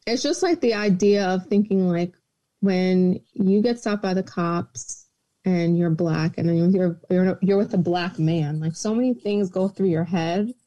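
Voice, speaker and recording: A woman's voice: lowish voice, dark tone. A young woman in casual podcast chat, telling a story in a loose, rambling way full of "like" and "um".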